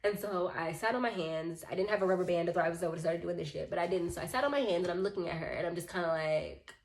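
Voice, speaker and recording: A woman's voice: fairly low pitch, fast talker. A woman vlogger telling a storytime in a casual, rambling way and acting out what others said. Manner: rambling, animated retelling with acted-out quotes.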